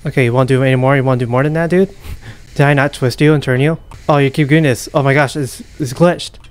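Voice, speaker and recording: A young man commentating a horror game as he plays, muttering, whispering and panicking with rapid repeats. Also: mid-range voice, fairly even intonation, clean tone. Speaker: gaming YouTuber. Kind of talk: live gameplay commentary.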